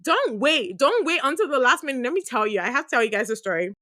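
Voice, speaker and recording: Chatty woman with a bright, high voice. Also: fast talker, no echo. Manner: lively, chatty, laughs often, many fillers. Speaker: podcast host answering listener questions. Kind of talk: candid conversational storytelling.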